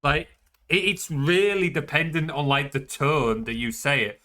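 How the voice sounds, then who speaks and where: A man's voice: a little high, unhurried, bright, forceful tone. A man explaining things in casual voice chat while gaming, padding his talk with many fillers. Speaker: server player.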